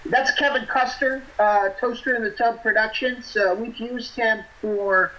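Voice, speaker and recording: A man's voice: very high-pitched, steady tone, measured pace, pushed and bright, dull audio. A man, a band frontman, chatting as an interview guest and talking in long run-on lists. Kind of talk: casual interview chat.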